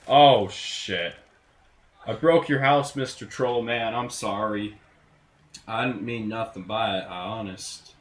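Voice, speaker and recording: A man's voice: on the low side, slow pace. Crude, swearing male gamer commentating. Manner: crude, swearing, sudden loud outbursts. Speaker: let's play gamer. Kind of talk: casual gameplay commentary. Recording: roomy echo, faint noise.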